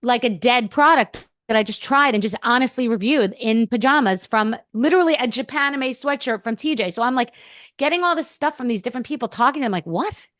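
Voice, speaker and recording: Brief: a rambling, blunt podcast guest. She is a woman with a fairly high voice and a dry close mic, and she swears freely. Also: brisk, a bit bright, dry recording. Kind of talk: candid storytelling chat.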